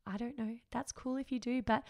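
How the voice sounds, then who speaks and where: A woman's voice: a little high, fairly even intonation, a little fast, darkish tone. A woman, hosting a solo podcast in an earnest, upbeat, reflective way, often laughing. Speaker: podcast host.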